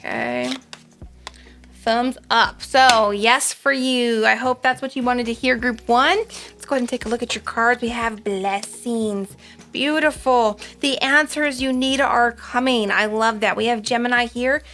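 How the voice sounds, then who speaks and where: A woman's voice: on the high side, steady tone, measured pace, a bit bright. A woman doing a casual pick-a-card tarot reading, chatty and rambling, with frequent ums. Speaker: tarot reader.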